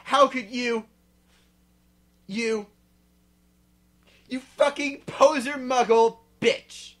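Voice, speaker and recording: An angry, wounded teenage boy wizard, put on by a reader, in a mocking storybook reading. He shouts his insults higher and louder than normal speech, dragging some of them out slowly. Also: steady tone, exaggerated voice.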